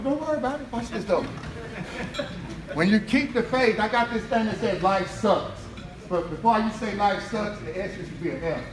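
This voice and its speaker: An American man with a high voice tells stories to a live audience and laughs often at his own jokes. His voice rings out in an echoey event hall, and there is a lot of background noise. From United States. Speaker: motivational speaker. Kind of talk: humorous storytelling speech.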